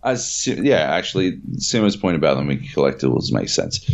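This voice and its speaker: A man's voice: extremely low pitch, sing-song, fairly quick, creaky. A man co-hosting a casual gaming podcast, rambling with lots of fillers, restarts and casual swearing. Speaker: podcast co-host. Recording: dull lo-fi podcast audio.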